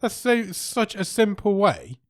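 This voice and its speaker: A man's voice: sits high, big pitch swings, unhurried. A man, co-hosting a casual podcast and joking as he reacts. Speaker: podcast co-host. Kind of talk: casual chat.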